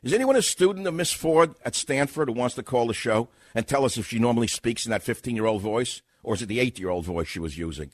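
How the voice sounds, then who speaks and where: A man's voice: medium pitch, expressive, fast talker, hardly any pauses, no echo. An older man hosting a talk radio show, delivering a sarcastic, mocking monologue and acting out a mock questioning.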